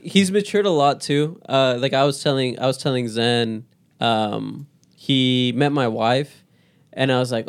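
A man on a podcast chiming in casually with quick agreeing interjections. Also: mid-range voice, smooth. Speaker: podcast guest.

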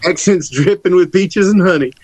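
A man from Georgia talks as a guest musician in a relaxed interview. His voice sits a little high for a man and is recorded close and dry. He jokes around and laughs easily. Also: normal speed, no echo, rough recording. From Georgia, USA. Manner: joking, laughs often. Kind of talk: casual interview chat.

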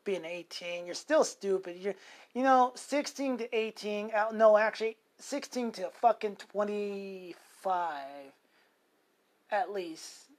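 Speaking slowly in a high-pitched voice, a male podcast co-host rambles through a long personal story. The chat is casual and profane, with many false starts.

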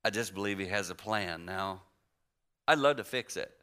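A man in his sixties preaching a story-driven sermon in a conversational way, moving between hushed and emphatic. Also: deep voice, lively intonation, moderate pace, clean tone. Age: 60s.

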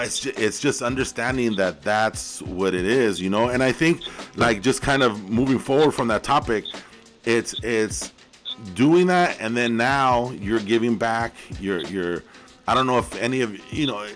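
A man hosting a podcast interview, asking questions in a halting, informal way with frequent restarts and swearing. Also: fairly low pitch, a bit bright. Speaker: podcast host.

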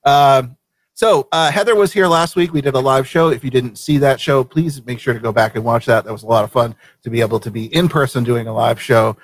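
A man from Vermont hosting a casual live show, easygoing and quick to laugh. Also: mid-range voice, no echo. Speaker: show host.

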